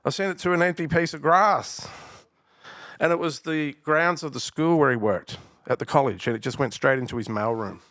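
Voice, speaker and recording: Australian man, guest musician, gravelly voice, dry close sound, rambling anecdotes. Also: a little high, moderate pace, fairly bright tone, no echo. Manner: rambling anecdotes with restarts and quoted dialogue. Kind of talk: casual storytelling interview.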